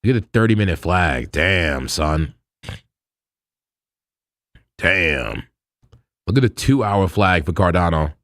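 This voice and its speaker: A man with a fairly low voice hosts a live trading stream, talking to chat in loose slang and repeating phrases as he goes. His pitch jumps around animatedly. He sits close to a dry, deadened mic. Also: sing-song, slow pace, long pauses, fairly bright tone, no echo. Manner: loose, slangy, repeats himself, laughs often. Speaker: crypto trading livestream host.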